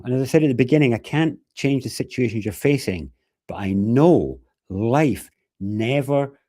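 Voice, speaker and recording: An earnest man hosting a live webinar. His voice is mellow and warm in tone, and he pleads gently with the listener, repeating key words for emphasis. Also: medium pitch. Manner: earnest, imploring, repetitive emphasis. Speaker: webinar host.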